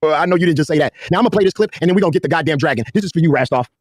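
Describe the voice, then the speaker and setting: A man's voice: on the high side, lively intonation, very fast, no echo, studio quality. A man ranting angrily and profanely, calling someone out in a confrontational way. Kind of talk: angry rant.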